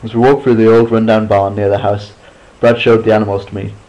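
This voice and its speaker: A man's voice: lowish voice, fairly quick, dull audio. Man reading a chapter book aloud. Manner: steady reading with occasional restarts after slips. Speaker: reader. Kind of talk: amateur audiobook reading.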